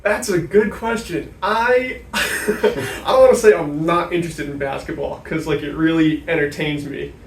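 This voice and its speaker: A man's voice: fairly high pitch, moderate pace, creaky. A young man from New Hampshire, a guest talking casually in an interview and filling his sentences with "like". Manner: chatty, many "like" fillers. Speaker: guest, sports information director. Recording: echoey room, mic at a distance, faint noise.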